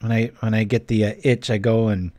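A man's voice: fairly low pitch, little pitch movement, brisk, darkish tone, no echo, studio quality. Chatty man streaming a card game. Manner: chatty, joking, reads chat aloud. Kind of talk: casual gameplay commentary with chat.

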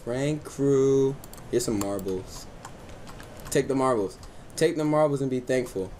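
A young man hosting a casual gaming chat, excitable and teasing, breaking into high yelps over a headset mic. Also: unhurried, a little hiss or hum. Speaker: let's play host.

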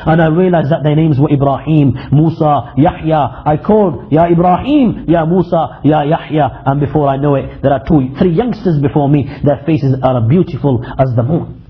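Male preacher, fairly high voice, races through recited verses, muffled lo-fi recording. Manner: rapid Arabic recitation between English retellings. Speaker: Islamic lecturer. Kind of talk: lecture storytelling with Quran recitation. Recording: dull lo-fi lecture recording.

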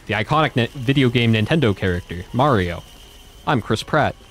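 A man imitating a bland actor voicing a plumber, in a flat, mocking delivery. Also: medium pitch, fairly quick, natural voice. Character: bland male actor playing a cheerful plumber.

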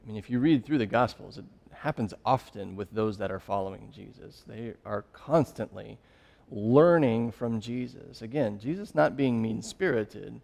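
A man's voice: on the low side, moderate pace, gravelly, a little mellow, in a large hall. A young adult man preaching a sermon as pastor, conversational and laughing often as he tells stories.

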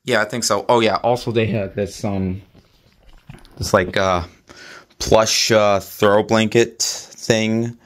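A man's voice: fairly low pitch, fairly even intonation, takes it slowly. A man chatting casually in a monthly vlog, rambling with lots of fillers and restarts. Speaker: vlogger.

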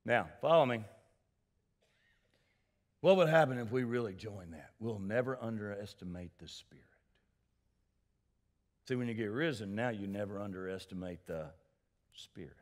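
A male pastor preaching a sermon in a church sanctuary, animated, calling for responses and addressing people by name. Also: medium pitch, normal speed, pauses often.

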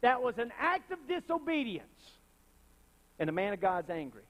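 Here's a very animated male pastor at a moderate pace, giving a fiery sermon inside a church sanctuary. His high voice jumps repeatedly into loud, impassioned bursts, and he keeps calling out for the congregation's responses and witness.

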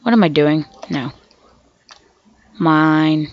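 This woman speaks very slowly in a low voice, and the recording is muffled. She runs a gaming channel and keeps up a rambling, chatty commentary while playing, talking to herself and the animals in the game. She sounds off because she's ill.

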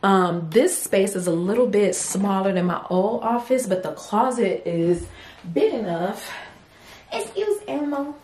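Casting: young woman, chatty home vlogger who keeps saying y'all. Mid pitch, roomy sound. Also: a little slow, darkish tone, a little hiss or hum. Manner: chatty, addresses viewers as y'all and girlies. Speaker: vlogger and small business owner. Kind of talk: casual chat to camera. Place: home office room.

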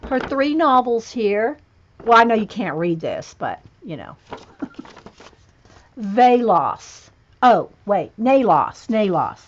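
Slow-talking chatty woman. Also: fairly high pitch, very animated. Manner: chatty, chuckling, reads out spellings and checks pronunciations. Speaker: livestream host. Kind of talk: casual livestream chat, flipping through a coloring book. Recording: muffled lo-fi livestream audio.

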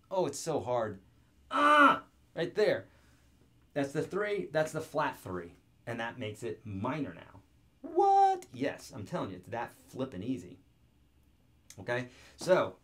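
A man teaching guitar chords in an online video lesson, upbeat and joking as he talks straight to the viewer. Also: medium pitch.

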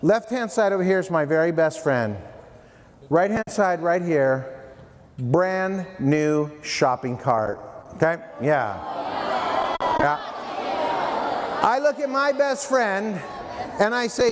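Animated man speaking to students in a hall. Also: high-pitched, slow, long pauses, crowd noise. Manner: animated, playful, addresses students directly. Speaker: youth prevention speaker. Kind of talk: school assembly talk. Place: middle school hall, indoors. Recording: long hall reverb, faint room noise.

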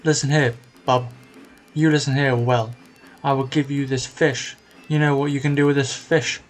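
A man's voice: mid-range voice, little pitch movement, moderate pace, faint music behind, close to an everyday voice. A man voicing a pushy, indignant trickster in an elephant suit in a video game, bossy and guilt-tripping.

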